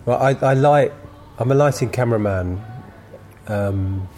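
London male interview guest, mellow low voice, relaxed and halting. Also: faint music behind. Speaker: guest filmmaker.

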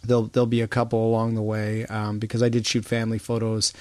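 Halting, relaxed man, dry sound. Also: lowish voice, no echo. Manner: relaxed, halting, repeats words. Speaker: podcast co-host, photographer. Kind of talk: casual chat.

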